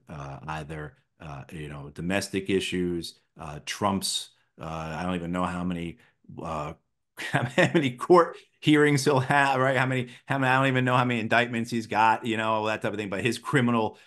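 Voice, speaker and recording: A middle-aged man, a former Marine officer, giving conversational political analysis as an interview guest, thoughtful and full of restarts and fillers. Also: sits low.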